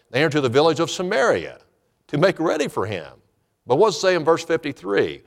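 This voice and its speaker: A pastor preaching a sermon, reading scripture and swinging between loud emphatic lines and hushed ones. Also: male voice, fairly high pitch.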